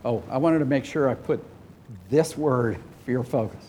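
A man's voice: mid-range voice, moderate pace, mellow, a little hiss or hum. A man preaching a sermon as a pastor, earnest and emotional, at times tearful, repeating phrases for emphasis. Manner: emphatic repetition, voices God and people in quotes.

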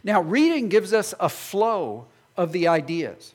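A male pastor preaching a sermon, animated and acting out imagined voices of his listeners. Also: sits high, a little slow.

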